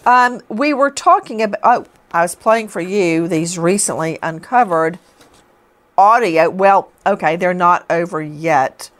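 A woman's voice: fairly low pitch, unhurried. A woman hosting a true crime broadcast, talking emphatically with indignant rhetorical questions. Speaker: host.

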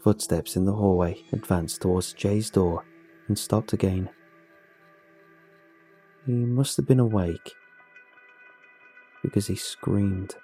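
Deep, dark-voiced male horror narrator. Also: fairly even intonation, takes it slowly, pauses often, faint music behind.

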